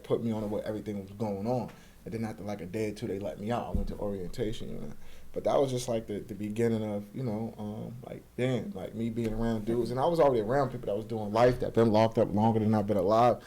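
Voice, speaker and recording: A young man telling his life story as a guest in a casual interview, acting out quoted voices and swearing freely. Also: lowish voice. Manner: animated, acts out quoted voices, profane street slang.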